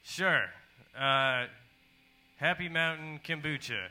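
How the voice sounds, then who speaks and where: A man at a small live comedy venue, hesitant and halting, fumbling through an improvised ad. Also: fairly high pitch, bright, forceful tone. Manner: hesitant, halting, lots of fillers. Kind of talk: improvised ad bit.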